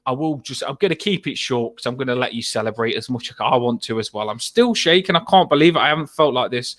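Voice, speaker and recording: A man hosting a fan podcast, excitable and rambling, still shaky with adrenaline after a match. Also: mid-range voice. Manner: breathless, excitable, rambling with laughs.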